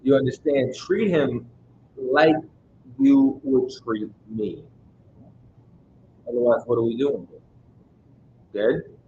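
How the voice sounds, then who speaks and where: A man's voice: mid-range voice, slow, pauses often, a little mellow. A man teaching a Bible study in a casual, emphatic way, constantly checking that his listeners follow him. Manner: casual street-style speech. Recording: roomy, dull sound with faint noise.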